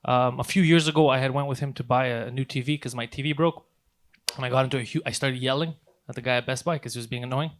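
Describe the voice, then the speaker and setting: Fast-talking man telling a story. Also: mid-range voice. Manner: animated storytelling, heavy swearing. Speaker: podcast co-host. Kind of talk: casual comedy podcast chat.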